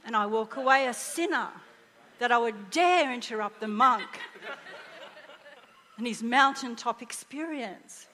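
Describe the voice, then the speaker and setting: A middle-aged woman preaching a conversational sermon, animated and humorous, sometimes dropping to a hushed voice for emphasis. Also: on the high side, measured pace, pauses often, long reverb tail, slight background noise.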